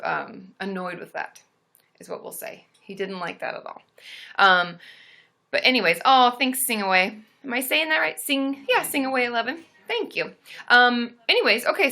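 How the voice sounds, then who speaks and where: Chatty woman host, bright forward tone, bubbly, fillers throughout, casual live-stream chat. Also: mid-range voice. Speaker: therapist hosting a live stream.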